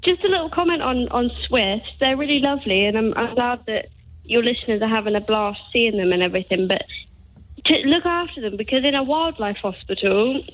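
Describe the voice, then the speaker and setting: A woman's voice: on the high side, expressive, fairly quick. A woman calling in to a radio show, chatty and teasing, laughing easily. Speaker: caller. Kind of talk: phone-in call to a radio show. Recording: tinny phone line.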